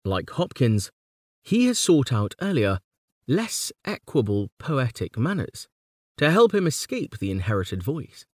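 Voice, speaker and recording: Measured male audiobook narrator, lively pitch. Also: no room sound, clean studio sound. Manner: measured reading, reciting verse quotations with feeling. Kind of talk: scripted narration of a book on poetry.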